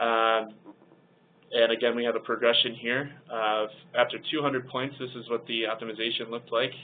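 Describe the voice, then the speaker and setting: A man talks through a technical webinar, stopping often on ums and uhs. His voice stays flat and even. It comes through a narrow, phone-like line with a faint hiss behind it. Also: medium pitch, normal speed. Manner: hesitant, many ums and uhs. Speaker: webinar presenter. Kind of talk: technical software webinar walkthrough.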